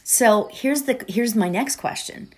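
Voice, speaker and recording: A middle-aged woman hosting a podcast keeps things chatty and warm, heavy on fillers and digressions, before moving into a meditation. Her voice is on the high side with a breathy edge, and she speaks at a measured pace.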